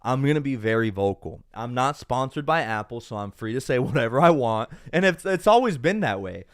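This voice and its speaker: A man's voice: mid-range voice, expressive, a little fast, no room sound. Young male live-stream host, unwell but upbeat, casual chat, dry close sound. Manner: chatty, upbeat, mixes in Spanish. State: feeling unwell. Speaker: tech YouTuber hosting a live stream.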